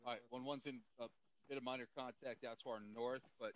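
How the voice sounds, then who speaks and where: A man's voice: mid-range voice, flat delivery, fast talker. A man leading a platoon in a military shooter, giving profane orders over voice chat on a headset. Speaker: platoon leader in a military game. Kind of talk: radio-style squad commands while gaming.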